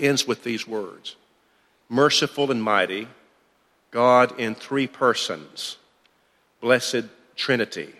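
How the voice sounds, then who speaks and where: A man's voice: mid-range voice, sharp tone, long reverb tail. A man teaching a church Bible class in a conversational, thinking-aloud way.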